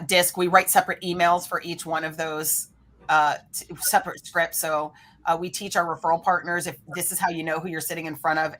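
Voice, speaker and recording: A woman speaking as a podcast guest, explaining networking styles in an energetic way and acting out the people she quotes. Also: low-pitched. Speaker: guest, referral coach. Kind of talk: animated podcast interview talk.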